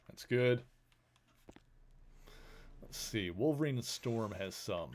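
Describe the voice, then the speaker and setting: A man's voice: mid-range voice, expressive, slow pace. A male streamer giving casual commentary as he plays a video game, thinking aloud in a chatty, rambling way.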